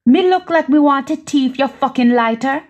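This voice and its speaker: A woman voicing a hurt, sharp-tongued young woman who curses and bites back with sarcasm. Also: high voice, normal speed, lo-fi sound, pitched above the performer's own voice, close to an everyday voice. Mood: furious. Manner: cursing, biting, sarcastic.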